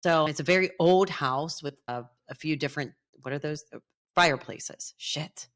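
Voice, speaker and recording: A woman's voice: sits low, moderate pace. A woman co-hosting a podcast in casual chat, giggly and blunt, swearing freely. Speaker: podcast co-host.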